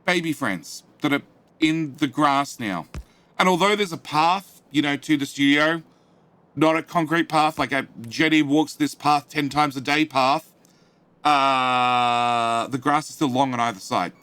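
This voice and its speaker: Male game streamer, casual rambling chat to viewers, fairly high and bright voice, offhand swearing. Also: a little slow, clear, resonant tone. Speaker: gaming live streamer. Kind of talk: casual live-stream chat, reading chat aloud. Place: home studio.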